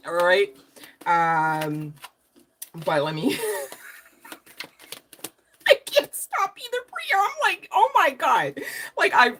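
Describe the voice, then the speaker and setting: A woman's voice: on the high side, fairly bright tone. A woman giving a live tarot reading, talking casually, laughing often and swearing in a cheeky way. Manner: swears casually, uses slang. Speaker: tarot reader.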